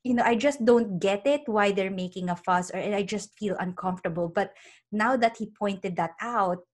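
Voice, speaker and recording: A middle-aged woman speaks as a psychologist guest in a casual interview. Her voice sits at a mid pitch, and she explains her points earnestly, with many restarts and asides like "you know". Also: moderate pace.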